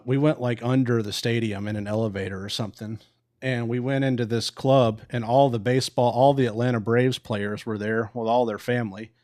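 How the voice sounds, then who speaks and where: Relaxed male live-stream host, medium voice, chatty storyteller who cusses easily. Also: mid-range voice. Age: adult with a wife. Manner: laid-back, swears casually, laughs while telling. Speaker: livestream host. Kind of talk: casual storytelling. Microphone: live stream microphone.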